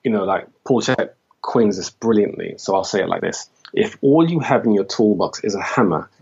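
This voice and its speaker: A man's voice: lowish voice, expressive, moderate pace, gravelly, a little mellow, slightly rough, lo-fi sound. A man who works as a holistic health practitioner, explaining his views as a guest in a podcast interview and often saying "you know".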